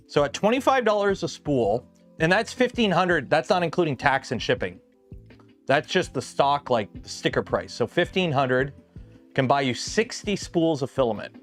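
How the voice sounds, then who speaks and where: A man's voice: medium pitch, big pitch swings, normal speed, faint music behind. Chatty man rambling through a garage build. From lives south of Detroit. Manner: rambling, chatty, many ums and restarts. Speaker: livestream host building a 3D printer. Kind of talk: casual livestream chat. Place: garage workshop.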